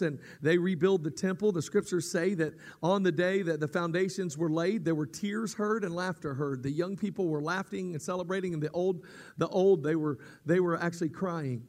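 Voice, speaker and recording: A man preaching a sermon as pastor, teaching calmly at times and rising into loud, emphatic preaching, often repeating himself and restarting his words. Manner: builds from calm teaching to loud, high-pitched emphatic preaching.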